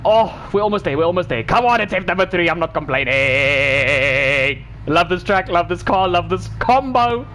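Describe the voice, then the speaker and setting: A man giving excited commentary while he drives laps in a racing game, exclaiming and repeating himself. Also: sits high, moderate pace, a little hiss or hum. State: talking while driving laps.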